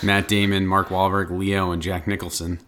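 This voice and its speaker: Deep voiced guy from massachusetts, cussing and joking around on a podcast. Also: level tone, normal speed, a bit bright. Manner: blunt, swears freely, laughs at own stories. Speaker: podcast co-host. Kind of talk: casual chat.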